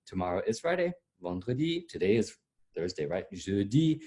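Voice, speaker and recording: A man's voice: lowish voice, very animated, moderate pace, dark tone, husky. A middle-aged man teaching a French lesson, spelling words out letter by letter and mixing French with English in a patient way. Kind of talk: slow spelled-out language lesson.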